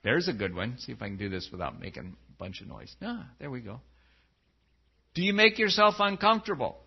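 A man preaching a sermon as pastor, swinging between loud pleading and low, quiet tones. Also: lively intonation, a little fast, creaky, slightly rough. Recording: dull lo-fi sound.

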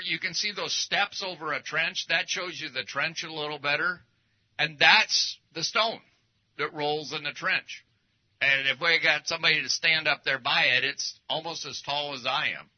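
Folksy man preaching, slightly high voice. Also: moderate pace. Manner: folksy, anecdotal, speaks while showing slides. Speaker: pastor. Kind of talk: casual teaching sermon. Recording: dull lo-fi recording.

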